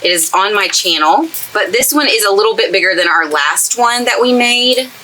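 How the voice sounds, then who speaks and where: A woman's voice: medium pitch, expressive, normal speed, pushed and bright, slight background noise, poor audio. A woman from East Texas with a light East Texas accent, chatting through a crafting tutorial in the craft space of her travel trailer. She gushes happily as she works with her hands. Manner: chatty and gushing, talks while working with her hands. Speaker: craft YouTuber. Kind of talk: casual crafting tutorial chat. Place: craft space inside a toy hauler trailer.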